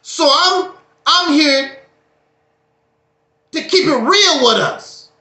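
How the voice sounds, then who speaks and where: A man's voice: very high voice, animated, extremely slow, pushed and bright. A man giving a casual livestream monologue, preachy and joking with a dramatic streak. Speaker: YouTube streamer. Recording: echoey room.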